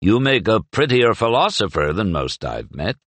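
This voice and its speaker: A man voicing a burly middle-aged soldier who is gruff and used to giving orders. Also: on the low side, sing-song, normal speed, fairly bright tone, no echo. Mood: wheedling.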